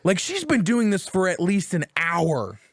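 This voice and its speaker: A man in casual podcast chat, retelling a video game's plot in a profane, animated way and acting out the characters' lines. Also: sits high, a little slow, no room sound. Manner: animated, profane storytelling with acted-out quotes. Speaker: podcast co-host.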